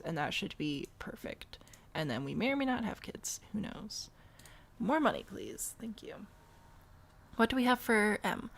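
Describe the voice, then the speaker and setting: Woman rambling through a zoo sim let's play, bit of vocal fry, chats to her animals. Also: medium pitch. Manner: chatty, thinks aloud, talks to the animals. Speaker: game streamer. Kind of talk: casual let's-play commentary.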